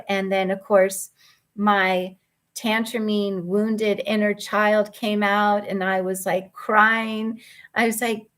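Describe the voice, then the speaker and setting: Earnest woman coach telling a story. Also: mid-range voice. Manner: gentle and earnest, with many ums and restarts. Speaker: mindfulness coach. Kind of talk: personal storytelling.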